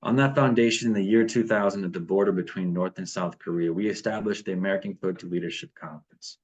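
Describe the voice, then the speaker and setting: A man's voice: deep voice, fast, darkish tone. A man leading a morning devotion over a video call, reading passages aloud and then talking them through with fillers and restarts.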